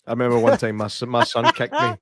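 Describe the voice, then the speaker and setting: A man's voice: medium pitch, little pitch movement, fast talker. A man with a Scottish accent, co-hosting a casual watch-along podcast and telling jokey stories that he laughs at himself. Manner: jokey storyteller, laughs at his own tales. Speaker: podcast co-host.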